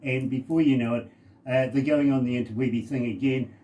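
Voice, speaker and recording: A man's voice: medium pitch, steady tone, fairly quick, warm tone. A man from New Zealand hosting a radio interview, chatty and jokey, poking fun at himself. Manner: jokey, chatty, self-deprecating. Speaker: radio host.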